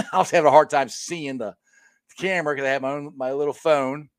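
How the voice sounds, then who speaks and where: A man's voice: fairly high pitch, fairly even intonation, fairly quick, no room sound, studio quality. A middle-aged man hosting his own sports show, talking casually and rambling to his viewers, with frequent laughs. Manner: chatty, rambling, laughs often.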